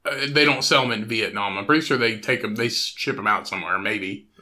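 Wisecracking podcast man, bright tone. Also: on the low side, fairly quick. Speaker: podcast co-host. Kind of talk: crude casual chat.

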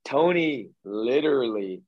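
A man's voice: medium pitch, measured pace, dry recording. A male hypnotherapist telling a story in conversation, acting out the lines of the people in it. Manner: lively retelling, acting out quoted dialogue. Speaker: hypnotherapist guest. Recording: dull lo-fi dry recording.

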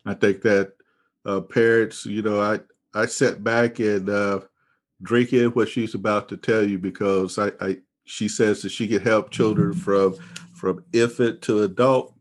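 Low-voiced male host. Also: fairly even intonation, a little slow. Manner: encouraging, short affirmations. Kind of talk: casual interview.

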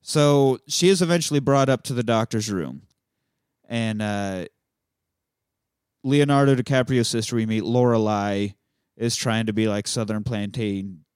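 A man hosting a movie podcast, retelling a film's scenes in casual chat, swearing freely and quick to laugh. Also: lowish voice, darkish tone, smooth, no echo, studio quality. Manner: profane, chatty and quick to laugh, acts out quotes.

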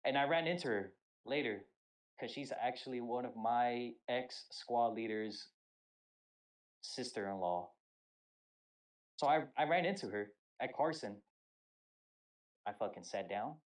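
A man's voice: medium pitch, unhurried, pauses often, poor audio. A young man on a podcast telling an army story in casual chat, profane and full of acted-out quotes. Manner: animated, profane, acts out quotes. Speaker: podcast co-host.

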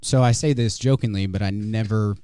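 A man's voice: fairly low pitch, a little fast, dark tone, clean tone, no room sound. A man from West Texas, a guest real estate agent, talking in an easygoing, earnest way in a radio studio. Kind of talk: casual interview talk.

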